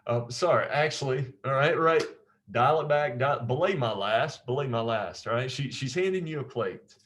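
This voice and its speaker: A man's voice: medium pitch, moderate pace, a bit bright. A man, a naval officer, teaching a memory technique in an informal, conversational way, often repeating phrases and checking in with "right?".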